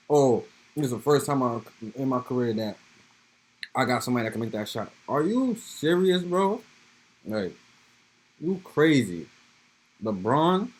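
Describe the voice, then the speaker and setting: A man's voice: medium pitch, slightly rough. A man from Brooklyn, casually riffing in slangy, rambling reaction commentary. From Brooklyn, New York. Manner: slangy, rambling, keeps tossing in "bro" and "you feel me". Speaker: reaction video host.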